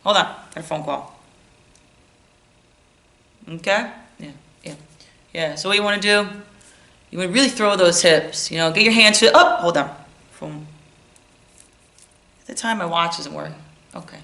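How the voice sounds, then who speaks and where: A woman puts on a careless coach who keeps breaking off to take a call. The voice is quieter and lower, distracted and offhand, with a gravelly edge. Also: moderate pace, long pauses. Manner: distracted, half-attentive, mumbling. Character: distracted coach taking a phone call mid-lesson.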